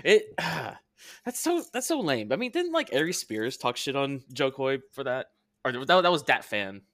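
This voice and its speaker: A man's voice: medium pitch, big pitch swings, unhurried, fairly bright tone. A young man co-hosting a podcast, bantering sarcastically and swearing. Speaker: podcast co-host. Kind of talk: casual chat, banter.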